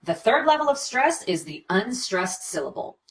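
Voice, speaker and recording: Woman pronunciation teacher, animated and demonstrative, slightly distant mic. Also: a little high, moderate pace. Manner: lively, demonstrative, models words aloud. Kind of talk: teaching video.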